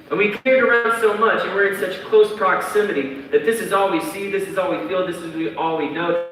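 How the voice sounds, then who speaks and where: A man in his thirties preaching a sermon as a pastor, telling stories in a lively, dramatic, conversational way. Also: high voice, a little hiss or hum. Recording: echoey hall from far off.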